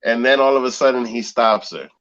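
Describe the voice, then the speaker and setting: Lively, laughing man on a muffled recording. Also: medium pitch, a little fast, smooth. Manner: animated storyteller, laughs often, mimics sounds. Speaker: podcast co-host. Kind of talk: casual chat. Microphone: phone. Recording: lo-fi muffled sound.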